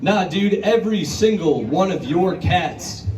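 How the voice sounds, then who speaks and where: A male stand-up comedian doing a crude, conversational set at a brewery show, jumping into high, put-on voices to act out scenes. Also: animated, a little slow, a crowd in the background. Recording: roomy bar recording from a distance. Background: audience laughter and bar ambience.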